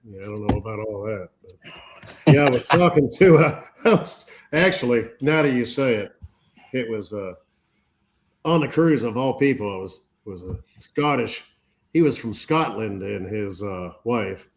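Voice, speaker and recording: A man's voice: on the low side, unhurried. A man telling a funny travel story in a casual, laughing way as a guest on a show. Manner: animated, laughs as he tells it. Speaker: panel guest.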